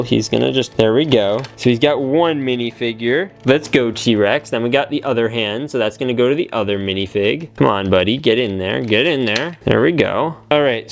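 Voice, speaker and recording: A young man excitedly narrating a toy unboxing, joking and talking to the toys and to viewers. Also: medium pitch, vocal fry. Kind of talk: excited casual unboxing commentary. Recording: soft music bed under voice. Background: soft background music.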